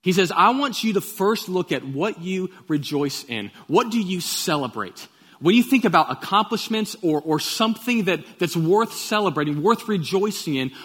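A pastor delivers a sermon in an easy storytelling manner, acting out quotes from his friends along the way. His voice sits a little higher than most men's. A long church reverb trails behind every phrase. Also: husky. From Texas. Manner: storytelling with acted quotes, relaxed and conversational. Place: church sanctuary.

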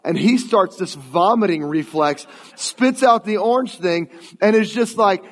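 A man's voice: high-pitched, unhurried. A man in his late thirties preaching a sermon as pastor, telling stories in a conversational way. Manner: conversational storytelling. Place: church sanctuary. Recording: long church hall reverb.

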